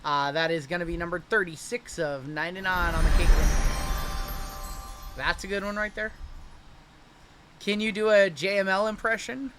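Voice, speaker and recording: A man's voice: high voice, bright, forceful tone, faint music behind. A man hosting a live card-break stream, chatting casually as he opens packs and reacts to each pull. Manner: chatty, upbeat, and quick to react to pulls.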